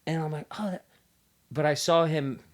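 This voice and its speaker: Casual podcast co-host, male, slightly high voice, tells stories by acting out every voice. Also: moderate pace. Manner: animated storyteller who acts out voices in quotes. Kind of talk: casual chat among friends.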